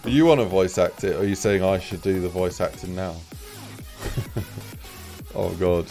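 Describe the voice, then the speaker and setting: A man's voice: low-pitched, normal speed, warm tone, soft background music. A young man who streams game mod development, chatting casually and rambling with lots of fillers. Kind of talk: casual live-stream chat.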